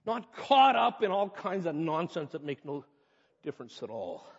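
A man's voice: fairly high pitch, sing-song, moderate pace, husky. A man preaching a sermon as pastor, earnest and conversational, rising to impassioned peaks, recorded in a church. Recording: reverberant hall, dull muffled sound.

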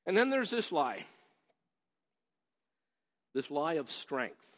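Higher-voiced man preaching in an echoey hall. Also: very animated, takes it slowly, a bit bright. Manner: conversational, building to emphatic. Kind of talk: sermon. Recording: echoey hall, dull lo-fi sound.

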